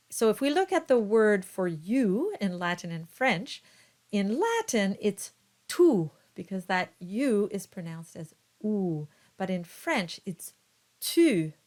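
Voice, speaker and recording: Slow, careful woman teaching choir diction. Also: medium pitch. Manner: careful, deliberate demonstration of vowel sounds. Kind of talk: instructional explanation with sung-like example words.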